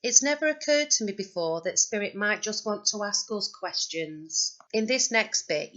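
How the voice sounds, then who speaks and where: A Northern English woman talks over her recordings in a chatty, wry voice. Her voice sits slightly low but is bright and forward. The sound is dull and lo-fi. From north of England. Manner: chatty and wry, dry humour. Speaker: paranormal investigator presenting recordings. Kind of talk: narrated commentary over recorded clips.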